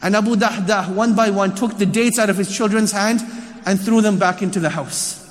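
Very high-voiced man preaching a story. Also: normal speed. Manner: animated, conversational storytelling. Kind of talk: storytelling sermon. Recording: long hall reverb.

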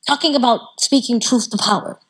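A woman with a Southern US accent, telling a religious story in a lively way and acting out the voices of its characters. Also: a little high, a little fast, breathy edge, low-quality recording. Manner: animated, acts out voices in the story. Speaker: religious speaker. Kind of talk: Islamic storytelling talk.

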